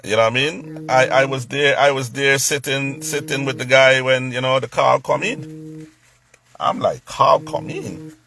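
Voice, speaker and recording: A man telling a story in a casual rant, animated, stumbling over repeated words and acting out what others said. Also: medium pitch, moderate pace, vocal fry, faint music behind.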